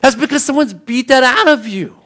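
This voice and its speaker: A man's voice: very high-pitched, brisk, fairly bright tone. A man preaching a sermon in an emphatic, conversational way, acting out little exchanges with people. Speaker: pastor.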